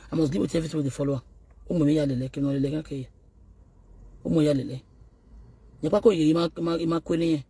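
A Nigerian man delivers a scolding, taunting rant aimed straight at a rival. His voice is deeply husky and sits fairly high for a man. The sound is dry and close. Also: dark tone, no echo. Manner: scolding, taunting, code-switching into Yoruba. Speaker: online video host. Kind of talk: ranting message to a rival.

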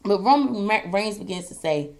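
A woman vlogger telling a story in a casual, animated way as she does her makeup, acting out what the wrestlers said. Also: mid-range voice, normal speed, vocal fry. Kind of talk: casual recap while doing makeup.

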